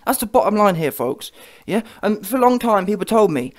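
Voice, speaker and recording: A man's voice: high voice, very animated, fairly quick. A man giving heated, mocking boxing commentary on his vlog and checking in with viewers as he goes. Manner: heated, mocking, keeps asking the viewer "yeah?". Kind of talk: ranting reaction commentary.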